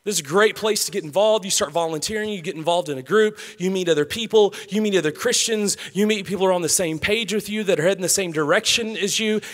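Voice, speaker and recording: A man's voice: high-pitched, fairly bright tone. A man in his thirties preaching a sermon to young adults, casual and conversational, telling personal stories. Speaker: pastor.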